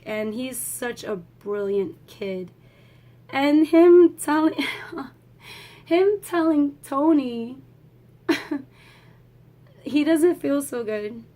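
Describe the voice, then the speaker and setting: A woman's voice: sits high, darkish tone. A woman giving a casual, emotional movie review vlog, swearing freely and laughing as she talks.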